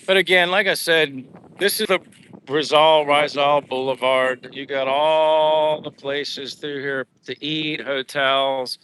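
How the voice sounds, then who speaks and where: An American man goes live during his daily walk outdoors on a seaside boulevard, chatting casually and reading viewer comments aloud with lots of fillers. His voice is on the high side, steady and slow, with a fairly bright tone and slight background noise.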